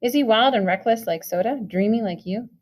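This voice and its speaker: A woman's voice: on the high side, fairly quick, close to an everyday voice. A woman voicing a confident teenage girl who speaks pointedly and firmly.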